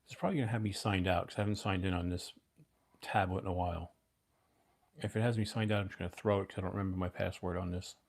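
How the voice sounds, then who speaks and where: A man's voice: deep voice, steady tone, quick pace, creaky. A man in his fifties hosting a casual livestream, rambling and chatting with viewers. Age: 50s. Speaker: livestream host.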